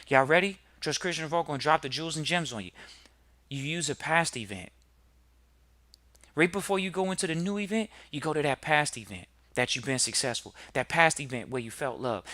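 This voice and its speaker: A man hosting a podcast, giving a motivational talk full of rhetorical questions to listeners and building to loud emphatic peaks. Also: on the high side, dry recording. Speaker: podcast host.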